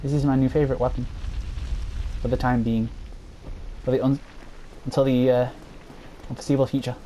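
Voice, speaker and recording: A let's play gamer giving casual, playful commentary, giggling, swearing and breaking into excited outbursts during fights. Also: medium pitch, brisk, lo-fi sound, slight background noise.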